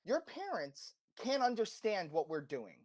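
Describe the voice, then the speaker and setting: A man's voice: high voice, wildly swooping pitch, unhurried, darkish tone. Man, slight accent, podcast guest, impassioned, rambling, frequent restarts. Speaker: interview guest. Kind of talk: casual podcast interview.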